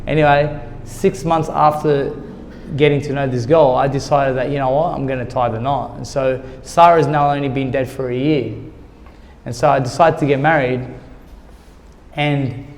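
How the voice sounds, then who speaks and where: A man of middle pitch, once a boxer, tells his story candidly and with feeling, and acts out what others said in lively quoted dialogue. His voice carries a long reverb, as if spoken in a large hall. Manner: emotional, retells conversations in quoted dialogue. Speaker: interview guest, former boxer.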